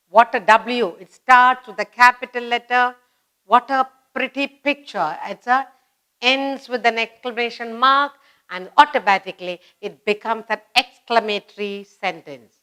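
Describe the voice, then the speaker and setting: A woman's voice: fairly high pitch, bright, forceful tone, smooth. A woman teaching a children's grammar lesson, repeating each example sentence and explaining it step by step. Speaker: English teacher.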